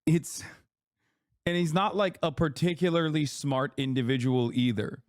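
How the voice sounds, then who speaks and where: A man's voice: fairly high pitch, a little slow, no room sound. A man in his thirties streaming his reactions to a video, mocking it sarcastically and swearing freely. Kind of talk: casual mocking commentary.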